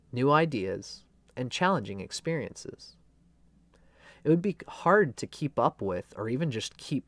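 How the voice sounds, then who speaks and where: A man's voice: medium pitch, fairly bright tone, no room sound. Loose, casual male astrology teacher. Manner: loose and conversational, with a playful, irreverent edge. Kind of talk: casual explanatory talk.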